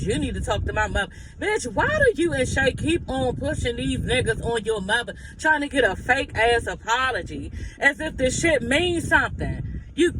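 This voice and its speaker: Very high-voiced sassy man. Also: noisy background. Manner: sassy, blunt, profane, dramatic asides. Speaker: reality TV recap commentator. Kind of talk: casual gossip recap commentary.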